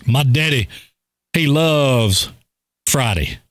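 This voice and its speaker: A man's voice: mid-range voice, animated, slow pace, fairly bright tone, no room sound. A man co-hosting a casual talk show, talking animatedly with many stammered restarts and quoted movie lines. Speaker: radio show co-host. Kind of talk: casual chat.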